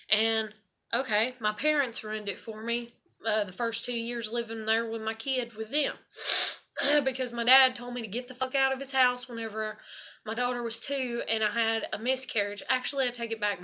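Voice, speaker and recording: A woman's voice: fairly high pitch, pushed and bright. A young woman, venting about her life in a casual vlog, profane and rambling. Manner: frustrated, profane, rambling storytelling. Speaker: vlogger.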